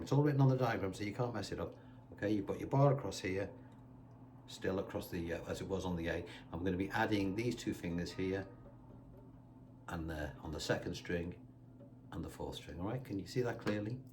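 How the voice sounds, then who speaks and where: A man's voice: low-pitched, fairly quick. A man teaching a guitar lesson, chatty and reassuring, counting beats aloud as he plays. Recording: guitar playing loudly behind the voice.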